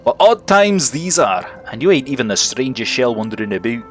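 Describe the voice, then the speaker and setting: A man's voice: medium pitch, very animated, fairly quick, lightly acted. A folksy old bug innkeeper from a video game, chatty and rustic, saying aye and ain't as a man reads him aloud. His voice rises and falls a lot. Faint game music plays underneath.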